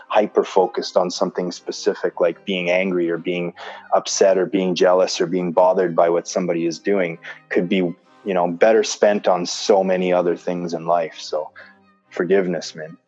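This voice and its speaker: A man's voice: sits low, flat delivery, normal speed, a little mellow, breathy edge. A man in casual conversation, making his points with emphasis, repeating them and explaining with examples. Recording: dull lo-fi sound with faint music.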